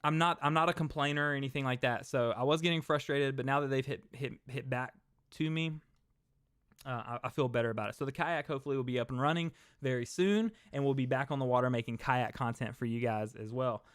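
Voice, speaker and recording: Chatty young man with a smooth voice. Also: mid-range voice, quick pace, a bit bright, dry recording, clean studio sound. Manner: chatty, rambling, talks to chat viewers. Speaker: host. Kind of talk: casual livestream chat.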